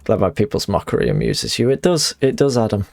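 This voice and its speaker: A man's voice: fairly low pitch, fairly quick, creaky, a little mellow, no echo. A man streaming a video game, chatting casually and reading in-game letters aloud, rambling and self-deprecating with frequent restarts.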